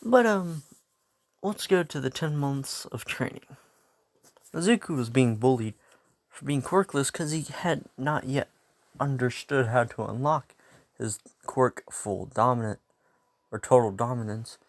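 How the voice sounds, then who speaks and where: Gravelly young man rambling through a story. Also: mid-range voice, measured pace, long pauses, no room sound. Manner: rambling, self-interrupting, laughs at himself. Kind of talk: casual improvised fan story narration.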